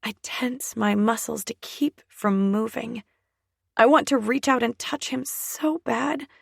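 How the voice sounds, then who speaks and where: A woman narrating a first-person romance audiobook in a soft, breathy, often half-whispered voice. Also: on the high side, fairly even intonation, takes it slowly, dry recording, studio quality.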